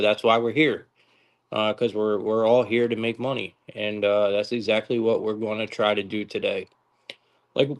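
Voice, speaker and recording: A young man hosts a casual sports-betting live stream, talking loosely with lots of swearing. His pitch sits in the middle range. He swings into animated, exasperated rants. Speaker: sports betting show host.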